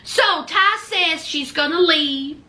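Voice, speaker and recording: A woman's voice: extremely high pitch, takes it slowly, sharp tone. A woman giving a casual recap of a reality show, sassy and speaking straight to her viewers.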